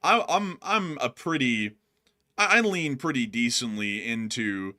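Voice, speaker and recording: Animated American man, bright voice. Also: mid-range voice, unhurried. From United States. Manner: animated, acts out voices of fans he meets; lots of filler words, rambling. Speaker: co-host of a news commentary show. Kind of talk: casual chat.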